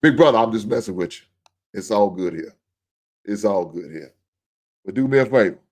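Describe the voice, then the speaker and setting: A man's voice: on the low side, expressive, moderate pace, darkish tone. A middle-aged man hosting a show, in a blunt, joking, ranting monologue. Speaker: podcast host. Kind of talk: casual monologue.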